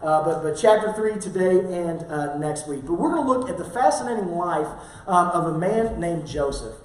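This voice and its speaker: A man's voice: sits high, lively intonation, moderate pace. A male pastor preaching a sermon, telling stories casually with many fillers. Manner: casual storytelling with frequent fillers. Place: church sanctuary. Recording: very echoey church hall from far off.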